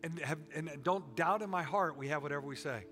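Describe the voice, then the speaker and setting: Bright-voiced folksy male preacher. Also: on the high side, fairly quick, soft background music. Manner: folksy, joking, emphatic preaching. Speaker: pastor. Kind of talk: sermon.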